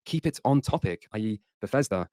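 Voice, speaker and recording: A man with a lowish voice on a podcast panel, delivering dry, sarcastic mockery. The sound is close and dry. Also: lively intonation, brisk, warm tone, dry recording.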